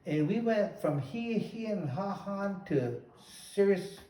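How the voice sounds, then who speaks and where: A man hosting a show and telling a long story in an animated, casual way, often repeating "he goes". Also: high voice, slow pace. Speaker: host, former boxer. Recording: roomy echo, distant mic.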